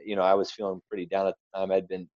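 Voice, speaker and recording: Deep voiced young guy telling his story, earnest, kinda rambly, dry muffled sound. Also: completely flat delivery, rapid-fire, no echo. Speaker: interview guest. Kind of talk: personal testimony.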